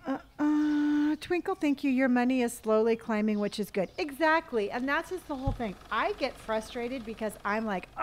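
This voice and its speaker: A woman's voice: medium pitch, a little hiss or hum. A woman streaming a game live, chatting casually, thanking viewers for gifts, answering chat questions, and humming or counting money under her breath as she plays.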